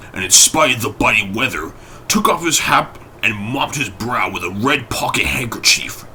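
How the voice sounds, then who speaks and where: A man narrating an audiobook in a dramatic, expressive reading. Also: mid-range voice, slight background noise, low-quality recording.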